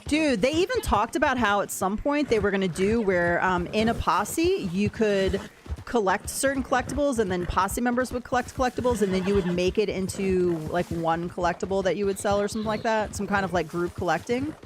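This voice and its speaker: A woman's voice: mid-range voice, brisk, slight background noise. An American woman chatting casually on a game livestream, reacting to chat and to what happens in play. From United States. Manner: chatty, reacts to chat and gameplay as she plays. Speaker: game streamer.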